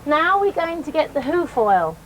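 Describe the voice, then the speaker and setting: A middle-aged woman, a riding instructor, calmly demonstrating horse care to children step by step. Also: sits high, moderate pace, heavy background noise. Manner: calm, gentle, explains each step patiently. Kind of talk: hands-on demonstration teaching children.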